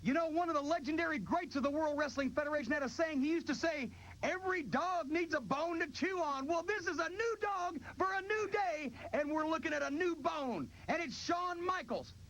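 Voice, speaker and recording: A man's voice: very high-pitched, moderate pace, fairly bright tone, dull audio. Boisterous man hyping a wrestling match. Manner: boisterous, joking hype. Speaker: TV show host. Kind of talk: hyped wrestling promotion.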